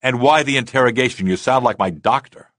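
A man voicing a defensive middle-aged aristocrat in a story, quick and lightly pompous. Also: mid-range voice, a bit bright, no room sound, studio quality, pitched above the performer's own voice, lightly acted.

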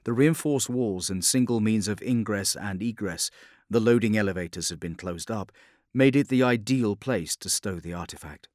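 A man narrating a science fiction audiobook in a measured, grave storytelling manner. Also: on the low side, darkish tone, no room sound, studio quality. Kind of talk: scripted dramatic narration.

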